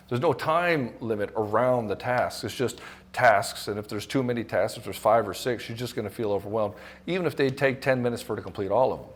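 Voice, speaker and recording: Speaking fairly quickly in a fairly low pitch, a middle-aged man coaches married men directly to camera. This relationship coach keeps it blunt and casual, cursing freely and mimicking the voices of anyone he quotes.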